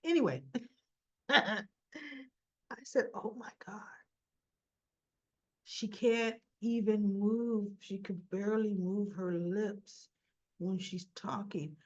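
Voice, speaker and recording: A woman talks slowly through a soap opera recap, stopping to act out what each character says. She breaks off now and then with asides to her viewers. The audio is a dull, lo-fi home recording. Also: medium pitch, fairly even intonation. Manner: chatty, retells scenes by voicing the characters' lines. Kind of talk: casual episode recap.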